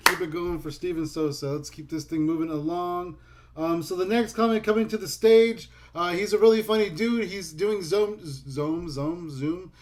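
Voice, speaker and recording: High-voiced man emceeing an open mic. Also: steady tone, brisk, slight background noise.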